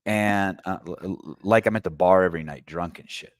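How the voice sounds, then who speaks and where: Podcast host, middle-aged man, very low voice, dry close sound, rambling storyteller. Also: moderate pace, no room sound. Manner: rambling storytelling, swears casually. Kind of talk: casual chat.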